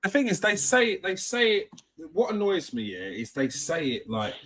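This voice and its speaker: A man hosting a casual football podcast, his voice a touch high. He argues insistently and circles back over his points with repeated phrases. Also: sing-song, normal speed, hardly any pauses, a bit bright. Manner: insistent, argumentative, repeats himself. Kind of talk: casual chat.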